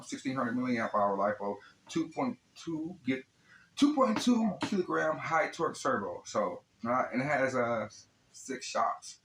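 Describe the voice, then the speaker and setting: A man's voice: mid-range voice, fairly bright tone. Laid-back chatty man in an echoey room. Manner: laid-back, chatty, slangy, repeats "man" and "you know what I'm saying". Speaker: RC hobby channel host. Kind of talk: casual unboxing vlog. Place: indoor room he calls his lab. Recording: echoey room with faint noise.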